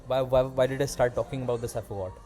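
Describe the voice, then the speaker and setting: A man's voice: mid-range voice, fast. Rambling young male podcast host. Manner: animated rambling storyteller, swears freely. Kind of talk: casual chat.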